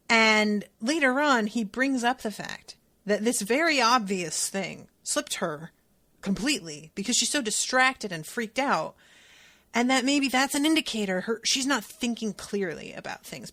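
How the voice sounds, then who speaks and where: A woman's voice: on the high side, lively intonation, normal speed, sharp tone. A woman podcast host recapping and reading from a book in a candid, casual way, swearing freely as she retells it.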